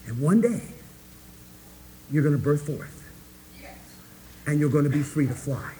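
A man preaching a sermon to his congregation, emphatic and folksy, swinging between hushed asides and loud, rising points. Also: on the high side, measured pace, pauses often, a little hiss or hum, poor audio. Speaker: pastor.

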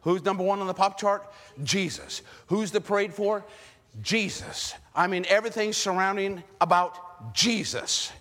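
Give me an animated male pastor with a higher voice preaching a sermon. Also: a little slow. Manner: animated, rhetorical questions to the congregation.

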